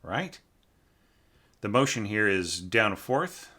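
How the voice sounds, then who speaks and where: In a low, sharp voice at normal speed, a teacher gives a relaxed spoken critique of a student's orchestration. He relies on fillers and tag questions and hums and scats lines to illustrate the phrasing.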